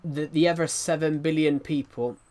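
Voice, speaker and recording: A man's voice: fairly high pitch, steady tone, normal speed, a little mellow. A man chatting casually on a live stream, rambling and often restarting his sentences as he answers chat. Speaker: livestreamer reading chat.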